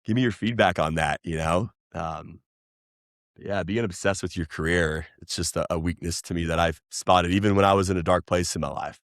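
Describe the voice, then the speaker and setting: Animated rambling man, casual podcast guest. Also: low voice, normal speed, no echo, clean studio sound. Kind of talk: casual chat.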